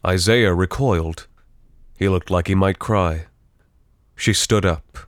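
A man reads scripted fiction aloud in a steady, even storytelling voice. His pitch sits very low, and the recording is dry and close with no room sound. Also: takes it slowly, no room sound. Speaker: narrator.

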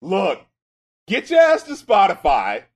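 Excitable, foul-mouthed man with a high voice. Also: slow pace. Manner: excitable and profane, swings from mumbling to shouting. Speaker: podcast co-host, music critic and rapper. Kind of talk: casual podcast chat.

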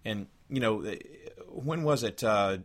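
A man's voice: fairly low pitch, expressive, measured pace. A man co-hosting a radio podcast in casual chat, rambling a bit and reading quotes aloud from his notes. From United States. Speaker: podcast co-host.

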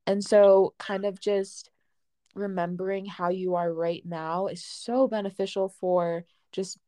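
A young woman hosting a casual podcast, talking in a gentle, reflective way with lots of "like". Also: medium pitch, steady tone, measured pace, dry recording, studio quality. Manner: gentle, reflective, uses "like" often. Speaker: podcast host.

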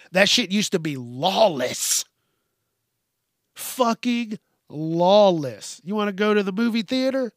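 A man's voice: high-pitched, a bit bright, no room sound, clean studio sound. A man hosting a podcast, ranting bluntly and swearing often in a casual monologue. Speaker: podcast host.

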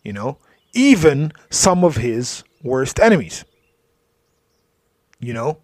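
Man giving a soft-spoken religious talk. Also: medium pitch, sing-song, slow, no echo. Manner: storytelling, drops to soft asides, frequent "you know". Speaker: Islamic speaker.

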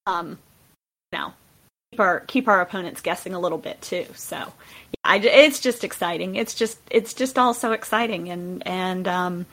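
A woman's voice: lowish voice, normal speed, a bit bright. A woman guest in a casual chat, bubbly and full of fillers. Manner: bubbly, lots of fillers and laughs.

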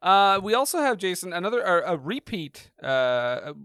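A man's voice: high-pitched, big pitch swings, normal speed, a bit bright, clear, resonant tone, no room sound, clean studio sound. A man co-hosting a casual film review podcast, wry and teasing, sometimes stumbling into his points. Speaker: podcast co-host.

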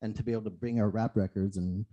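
A man, a rapper, talking in casual chat with excited, easygoing slang. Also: lowish voice, fast talker, dull audio. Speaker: guest rapper.

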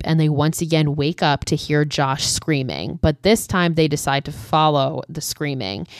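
A woman's voice: sits low, no echo, clean studio sound. A young woman casually recapping a horror film, chatty and swearing often, with lots of "like". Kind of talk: casual chat.

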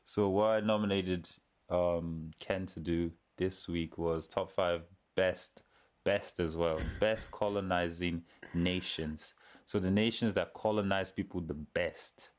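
A low-pitched man trading laughing, slangy banter as a podcast co-host. His voice sits deep and easy. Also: fairly even intonation, slow. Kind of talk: casual chat.

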